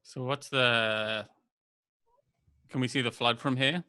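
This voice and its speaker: A man playing in a tabletop role-playing game, joking with deadpan one-liners. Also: mid-range voice, slow, clear, resonant tone, dry recording. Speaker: player. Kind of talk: tabletop role-play banter.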